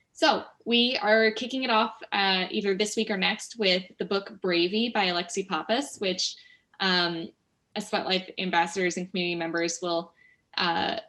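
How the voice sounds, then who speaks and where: A woman's voice: on the low side, fairly bright tone. Chatty enthusiastic woman co-host. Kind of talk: casual announcement.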